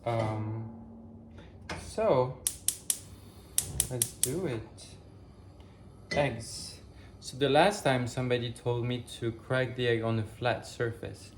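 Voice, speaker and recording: A man's voice: medium pitch, slow, pauses often, a little hiss or hum. A man chatting casually to his viewers while he cooks breakfast, rambling and correcting himself as he goes, filmed on a camera on a tripod in a home kitchen. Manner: chatty and rambling, with many fillers; self-correcting, thinks aloud. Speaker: vlogger. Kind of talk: casual chat while cooking.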